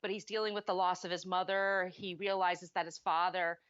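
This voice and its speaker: A woman's voice: fairly low pitch, little pitch movement, brisk, a bit bright, smooth, no room sound. Chatty woman co-host, lo-fi sound. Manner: chatty, rambling, frequent self-corrections. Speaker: podcast co-host. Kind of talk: casual movie chat.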